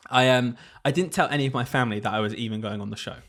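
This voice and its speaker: A young man telling a story in casual podcast chat, animated and laughing often. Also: medium pitch, rapid-fire. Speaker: podcast co-host, teacher.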